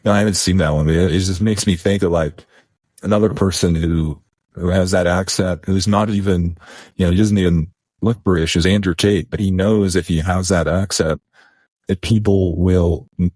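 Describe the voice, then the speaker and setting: A man's voice: deep voice, fairly even intonation, moderate pace, a little mellow, slightly rough, no room sound, clean studio sound. A man co-hosting a podcast in casual chat, rambling and restarting his sentences. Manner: rambling, repeats words, restarts. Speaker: podcast co-host.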